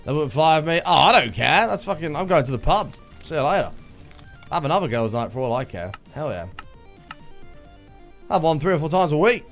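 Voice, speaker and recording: A livestreamer plays a video game and talks casually with his viewers, swearing freely and cracking jokes. His voice is fairly high and sing-song, with normal speed, frequent pauses and a fairly bright tone. Faint music plays in the background.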